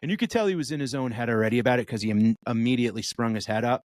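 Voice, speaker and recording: A man tells a story in a casual podcast chat, jumping into voices as he acts it out. His voice sits at an ordinary pitch, and the recording is close and dry with no room sound. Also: very fast, darkish tone, no echo. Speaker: podcast co-host.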